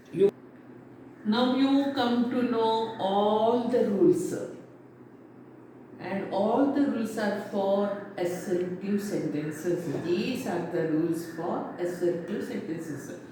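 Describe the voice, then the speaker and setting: Slow-talking woman teaching grammar, echoey room. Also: mid-range voice, a little mellow. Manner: explains step by step with many "now see" and "okay?". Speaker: English teacher. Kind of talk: classroom grammar lesson. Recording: very echoey room with faint hiss.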